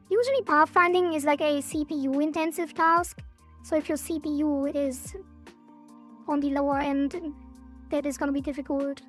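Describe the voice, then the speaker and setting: High-voiced woman streamer thinking aloud. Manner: thinks aloud, hedging, frequent laughs. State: voice cracking. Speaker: game developer streamer. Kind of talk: casual live-stream chat.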